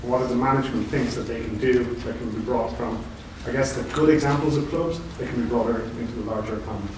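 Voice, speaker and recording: A man's voice: medium pitch, steady tone, fast talker. A man in the audience of a conference asks a question from the floor, hesitant and thoughtful with many fillers. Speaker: audience member asking a question. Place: university conference hall. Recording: distant, very echoey hall with noise.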